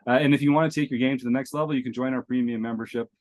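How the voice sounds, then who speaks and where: A man's voice: medium pitch, steady tone, rapid-fire, darkish tone. A man hosting a poker podcast, opening the show with enthusiastic thanks and sponsor reads, chatty with fillers. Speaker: podcast host.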